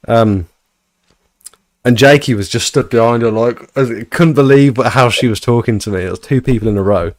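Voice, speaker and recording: A man's voice: normal speed, dry recording, clean studio sound. A man hosting a podcast, telling a story in casual chat and acting out quotes with his voice jumping up. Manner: animated, acts out quotes with rising pitch. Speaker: podcast host.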